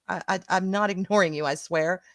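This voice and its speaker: A woman's voice: fairly low pitch, fairly even intonation, a little fast, dry recording. A woman with a Southern US accent, co-hosting a casual livestream and greeting her chat, calling viewers sweetheart and honey with a giggle. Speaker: co-host of a stream.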